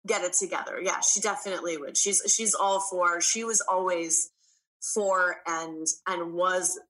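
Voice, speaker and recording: A woman's voice: on the low side, steady tone, measured pace, pushed and bright, poor audio. A woman, an actress guest in an interview, speaking in a reflective, earnest way. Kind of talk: casual interview chat.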